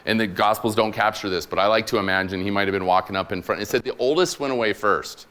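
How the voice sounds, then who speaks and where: A man's voice: on the low side, fast, fairly bright tone, clean tone. A man in his forties, a military chaplain, giving a conversational, humorous sermon to a church congregation and acting out the people in his stories. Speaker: guest preacher, military chaplain.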